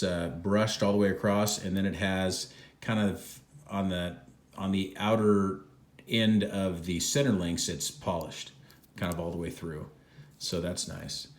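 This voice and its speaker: Male reviewer, deep voice, casual rambling delivery, roomy echo. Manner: relaxed, rambling, many fillers. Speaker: watch reviewer. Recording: echoey room.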